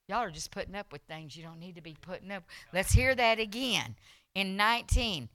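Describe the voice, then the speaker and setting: A woman preaching a revival sermon, telling a personal testimony, swinging from soft storytelling to loud, emotional preaching. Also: medium pitch, brisk, no room sound, clean studio sound.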